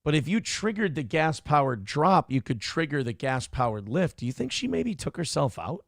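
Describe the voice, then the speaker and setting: A man's voice: fairly high pitch, big pitch swings, normal speed, vocal fry, no room sound, clean studio sound. A man co-hosting a morning show, riffing in profane, joking casual banter.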